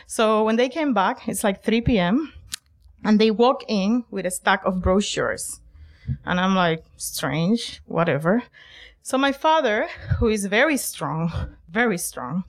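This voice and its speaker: A middle-aged woman from Puerto Rico telling a personal story, lively and emphatic, acting out quoted lines. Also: mid-range voice, measured pace. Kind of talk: personal story told to an audience.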